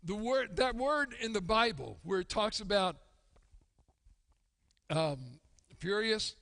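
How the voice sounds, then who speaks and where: A man preaching a sermon as pastor, acting out grumbling churchgoers in an animated way. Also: high voice, takes it slowly, vocal fry. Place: church sanctuary. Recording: long church hall reverb.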